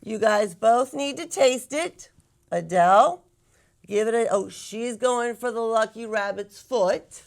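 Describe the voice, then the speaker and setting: A woman's voice: fairly high pitch, takes it slowly, creaky. A woman hosting a playful taste test, upbeat and coaxing as she directs her guests. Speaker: segment host.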